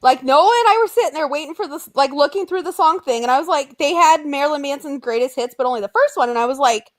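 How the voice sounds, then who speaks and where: This podcast co-host, a woman in her twenties, talks fast with a voice that sits high. Her casual storytelling is lively and theatrical, with quotes from others performed aloud.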